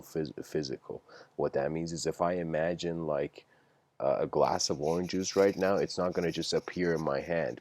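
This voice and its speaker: A man's voice: extremely low pitch, a little mellow. A man giving a casual livestreamed lecture, rambling and using many "like" fillers as he tells stories. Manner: rambling, heavy use of "like" fillers.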